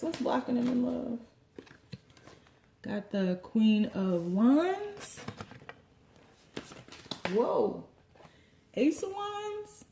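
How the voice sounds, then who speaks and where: A woman's voice: on the high side, expressive, very slow, long pauses, mellow, a little hiss or hum. A woman giving a tarot card reading, preachy and joking, with some profanity. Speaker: tarot reader. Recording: roomy echo.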